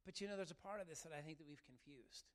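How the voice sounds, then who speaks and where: A man preaching a sermon to his church, animated and talking straight to the congregation. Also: a little high, fast talker. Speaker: pastor.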